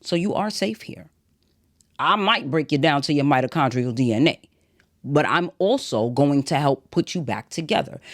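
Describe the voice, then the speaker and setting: A man hosting a solo podcast, talking bluntly and directly in a motivational, sermon-like way. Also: mid-range voice. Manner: blunt, direct, self-described as not a soft speaker. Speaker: podcast host.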